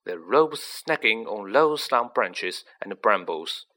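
A man's voice: on the low side, expressive, slow pace, pushed and bright. A man reading a children's story aloud, narrating with acted character voices. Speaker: audiobook reader.

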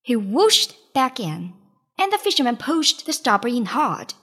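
A woman reading a children's storybook aloud, in a slow, lively, expressive way. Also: a little high, husky. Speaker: storybook reader.

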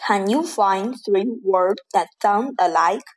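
Very slow woman reading rhymes. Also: mid-range voice. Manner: slow, deliberate word-by-word reading. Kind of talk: slow rhyming lesson for children.

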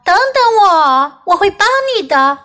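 A woman's voice: extremely high pitch, sing-song, unhurried, pitched above the performer's own voice, exaggerated voice. A woman voicing an eager, caring young child who looks after a pet tiger, in a bilingual children's storybook reading. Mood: caring, scolding. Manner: bright, eager, bilingual repeats.

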